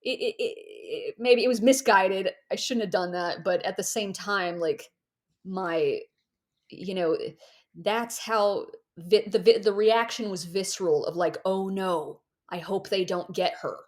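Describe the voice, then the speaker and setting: Animated woman telling a story. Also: medium pitch, measured pace. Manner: animated, self-mocking, acts out voices in her anecdotes. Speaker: guest, author and ex-Jehovah's Witness activist. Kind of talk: casual storytelling in a podcast interview.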